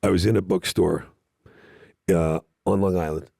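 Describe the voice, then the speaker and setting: Gravelly, low-voiced man telling stories. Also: steady tone, moderate pace, dark tone, dry recording, studio quality. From Canada. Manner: rambling, self-mocking storyteller with many restarts. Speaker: podcast guest, actor. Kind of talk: casual chat. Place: podcast studio.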